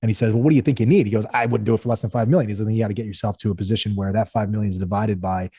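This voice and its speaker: A man's voice: fairly low pitch, steady tone, very fast, mellow, slightly rough, no room sound. A man, a company founder, tells stories in a casual interview, acting out the people he quotes in raised voices.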